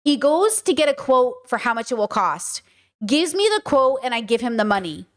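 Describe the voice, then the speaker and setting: A woman host chats to her stream audience in a casual, storytelling way. Her voice sits a little high, and her manner is blunt, animated and full of swearing. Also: moderate pace.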